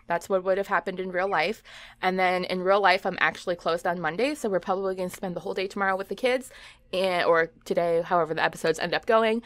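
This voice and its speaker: A woman's voice: fairly low pitch, a bit bright. A young adult woman hosting a let's play, giving chatty, giggly commentary and talking to her game characters. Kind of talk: casual gameplay commentary.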